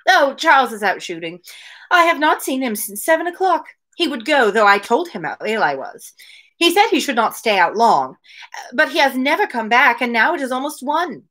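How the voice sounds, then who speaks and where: A woman's voice: high-pitched, sing-song, moderate pace, sharp tone, pitched above the performer's own voice, full character voice. A woman reading aloud and voicing a complaining, self-pitying young married woman. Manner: complaining, plaintive.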